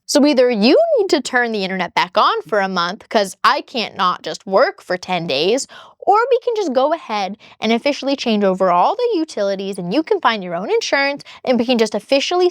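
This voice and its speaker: A woman's voice: on the high side, no echo, clean studio sound. A woman vlogger telling her own story, heated and exasperated as she reads out text messages. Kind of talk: casual storytelling vlog.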